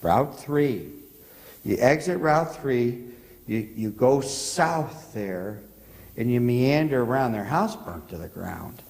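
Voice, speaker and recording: Halting pastor in an echoing church. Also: male voice, medium pitch, expressive, creaky, a little mellow. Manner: halting, repeats words, asks the congregation questions. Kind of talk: rambling sermon anecdotes. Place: church sanctuary.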